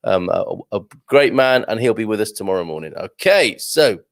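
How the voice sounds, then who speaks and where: A man's voice: fairly low pitch, big pitch swings, normal speed, no room sound, studio quality. A middle-aged man hosting a live morning show, chatting casually and playfully as he reads out viewers' greetings, with frequent giggles and self-deprecating asides. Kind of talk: casual live-stream chat reading out viewer comments. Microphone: headphones and studio mic.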